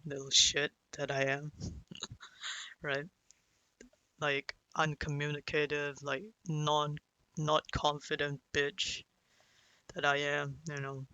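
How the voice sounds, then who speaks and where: A young man rambles through a confessional story, swearing freely and leaning on fillers. His voice is bright and forceful, sitting a little high for a man. It is recorded close and dry. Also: smooth, no room sound, poor audio. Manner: rambling and profane, with many fillers like "like" and "you know". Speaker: vlogger.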